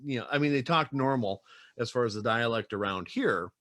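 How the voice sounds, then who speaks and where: A man's voice: mid-range voice, lively intonation, a little fast, a bit bright. Chatty, rambling male podcast host. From South Dakota. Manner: chatty, rambling, puts on playful voices. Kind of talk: casual interview chat.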